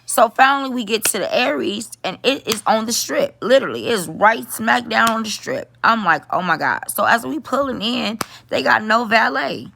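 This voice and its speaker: A middle-aged woman telling a story in a casual vlog, animated, talking to her viewers and swearing freely. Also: on the high side, moderate pace, creaky, few pauses, a little hiss or hum. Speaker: vlogger.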